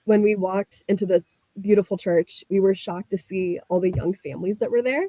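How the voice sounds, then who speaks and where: Young woman from the midwest, guest on an interview, lively storytelling, mid pitch, dry close sound. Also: normal speed, dry recording, rough recording. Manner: animated, frequent "like" fillers, laughs while telling. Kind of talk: casual storytelling.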